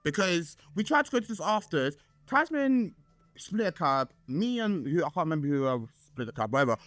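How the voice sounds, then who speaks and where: A man's voice: on the high side, sing-song, brisk, a bit bright, dry recording. A man, hosting a casual storytime vlog and gossiping dramatically about his birthday, full of fillers. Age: 20s. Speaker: vlog host.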